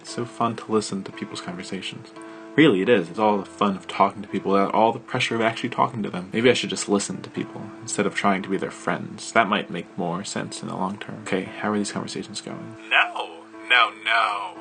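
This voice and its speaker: A man's voice: on the low side, steady tone, fast, gravelly, a bit bright, faint music behind. A man reading his own story aloud, in a shy, rambling inner-monologue manner.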